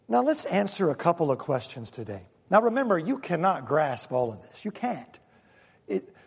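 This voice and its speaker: A man's voice: fairly high pitch, vocal fry, breathy edge, long reverb tail. A male pastor preaching a sermon, emphatic and fond of rhetorical questions to his congregation.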